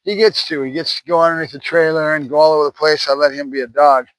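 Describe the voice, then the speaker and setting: A man's voice: a little high, steady tone, fast talker, a bit bright, dry recording, rough recording. A man working as a dog trainer outdoors, talking to the camera while cueing and praising a puppy, often tagging "right?" on his points. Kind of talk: running commentary during training.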